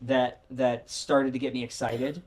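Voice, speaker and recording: A middle-aged man, a podcast guest, telling his story candidly in a rambling, self-correcting, animated way. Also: mid-range voice, a little slow.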